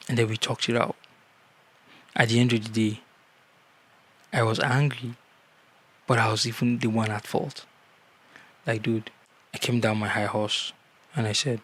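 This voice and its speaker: An earnest man talks straight to the camera, handing out marriage advice in an easygoing vlog. His voice sits at an ordinary middle pitch, and he drives his points home by saying the same word over and over. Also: little pitch movement, measured pace, long pauses, fairly bright tone. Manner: earnest, repeats key words for emphasis.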